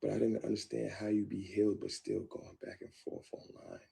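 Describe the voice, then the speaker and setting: Speaking as an interview guest, a man with a deep, rough, dark-toned voice opens up about a former relationship. His speech comes in fits and restarts with repeated words, though his low voice remains easygoing.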